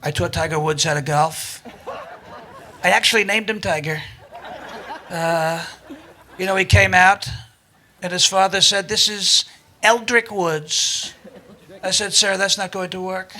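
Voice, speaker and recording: A man's voice: high voice, fairly even intonation, pushed and bright, slight background noise, full character voice. A man doing a boastful politician impression. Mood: bragging. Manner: bragging, repetitive, drawn-out phrasing.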